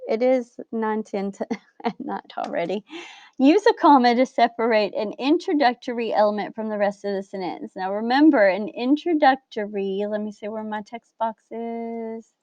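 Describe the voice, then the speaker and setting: A woman teacher gives a recorded grammar lesson, explaining patiently step by step and checking in with "right?" Her voice is fairly high and a little mellow, at a moderate pace. The recording is dull, lo-fi, and dry, with no room sound.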